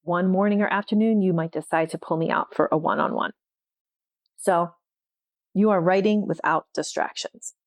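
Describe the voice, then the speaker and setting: A woman's voice: on the low side, steady tone, normal speed. Chatty woman podcaster, coach vibe, laughs a lot, lots of "like" and "you know". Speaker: podcast host and writing coach. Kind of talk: casual solo podcast talk.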